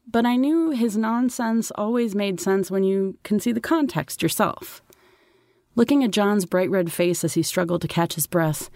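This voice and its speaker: A woman's voice: lowish voice, gravelly, darkish tone, dry recording, clean studio sound. A woman reading a first-person story in a wry, sardonic way. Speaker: narrator. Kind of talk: first-person audiobook narration.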